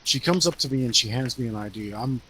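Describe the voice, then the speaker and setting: A man's voice: mid-range voice, fast, sharp tone, slight background noise, rough recording. A man chatting casually with friends, telling bar stories in a laid-back way, laughing often and trailing off with fillers.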